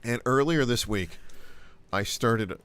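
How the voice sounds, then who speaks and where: A man's voice: medium pitch, measured pace, fairly bright tone, clean tone. A man co-hosting a political podcast, chatting casually with wry, mocking banter. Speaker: podcast co-host.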